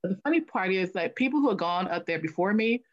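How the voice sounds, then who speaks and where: A woman's voice: medium pitch, fast talker, dull audio. A woman guest telling stories in an interview, acting out what she and others said. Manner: animated, acts out her own past voice. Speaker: guest, author. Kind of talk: interview storytelling.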